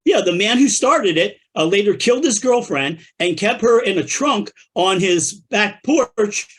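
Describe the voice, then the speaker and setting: High, lively husky man cracking dry jokes. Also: measured pace. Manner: dry, joking asides. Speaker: band member leading the segment. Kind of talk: casual chat.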